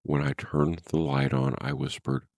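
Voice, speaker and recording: A man's voice: extremely low pitch, level tone, unhurried, vocal fry, a little mellow, no room sound, studio quality. A man reading a first-person horror story in a grave, tense, dramatic way.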